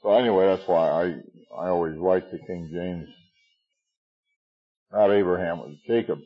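Husky low-voiced man in his sixties. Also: steady tone, muffled recording. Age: 60s. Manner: halting, many fillers, chuckles at his own jokes. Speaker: Bible teacher. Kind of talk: relaxed Bible study talk.

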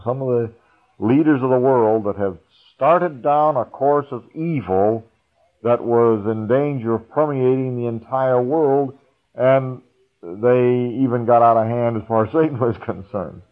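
Deep-voiced preacher over a tinny line. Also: male voice. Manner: folksy, unhurried, with chuckles. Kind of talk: sermon. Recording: tinny phone-like radio broadcast.

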